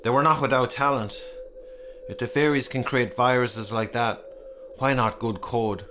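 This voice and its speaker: A man's voice: mid-range voice, steady tone, unhurried, a bit bright, a little hiss or hum, close to an everyday voice. A man voicing a domineering, obsessed town leader with a commanding, declamatory delivery over background music. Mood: desperate.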